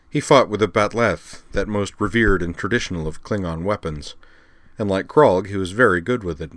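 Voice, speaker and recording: A man with a fairly low voice reads a story aloud, giving the prose expressive, lively emphasis. The sound is close and dry, with no room around it. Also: no echo. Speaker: narrator. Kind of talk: storybook narration.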